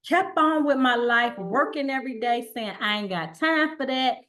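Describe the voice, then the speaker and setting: A middle-aged woman guest telling her story in a relaxed conversational way, acting out the voices of the people she quotes. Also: high voice, normal speed. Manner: animated, acts out quoted dialogue.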